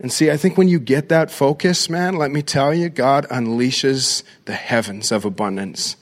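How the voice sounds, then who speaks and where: A middle-aged man, a pastor giving an energetic, story-driven talk to a church crowd and calling them "guys". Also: medium pitch, moderate pace.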